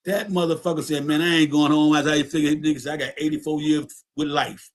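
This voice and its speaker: A man's voice: fairly high pitch, fairly even intonation, quick pace. A man telling a long story in casual, profane street talk, often repeating his words.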